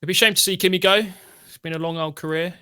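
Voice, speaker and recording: Bright-voiced man chatting race. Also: high-pitched, steady tone, racing, clean tone. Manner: chatty, reads viewer tweets aloud. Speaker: stream co-host. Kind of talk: casual live race watch-along chat.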